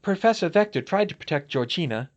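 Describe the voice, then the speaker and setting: A man's voice: fairly high pitch, lively intonation, a little fast, pitched above the performer's own voice, lightly acted. Man voicing a cold blunt young woman. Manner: blunt, matter-of-fact.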